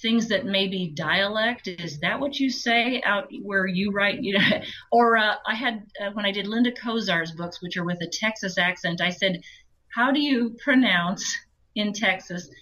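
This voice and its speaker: Bright-voiced woman audiobook narrator chatting. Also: mid-range voice, moderate pace, poor audio. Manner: chatty, animated storytelling with laughs. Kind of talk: casual interview chat.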